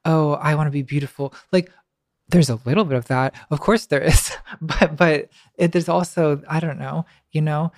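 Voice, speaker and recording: A woman's voice: deep voice, moderate pace, a little mellow, no echo, clean studio sound. A woman guest talking reflectively, hesitant with many restarts and fillers, and now and then laughing wryly at herself. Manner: wry, laughs lightly at herself. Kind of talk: reflective conversation.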